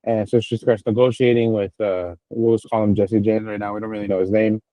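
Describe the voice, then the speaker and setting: A man's voice: on the low side, level tone, a little fast, mellow, no room sound, poor audio. A man co-hosting a podcast, casually retelling a TV episode in a rambling way, full of fillers and restarts. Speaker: podcast co-host. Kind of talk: casual chat recapping a TV episode.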